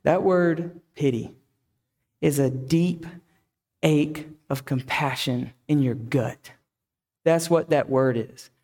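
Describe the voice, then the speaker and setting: A man's voice: a little high, a little mellow. A man preaching a reflective sermon who asks the listeners many questions. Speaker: pastor.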